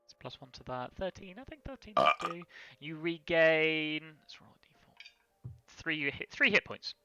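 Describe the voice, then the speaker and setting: Halting, bright-voiced man running a game. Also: on the high side, highs cut off. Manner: halting, many fillers, relaxed. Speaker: game master. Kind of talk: narrating a tabletop game.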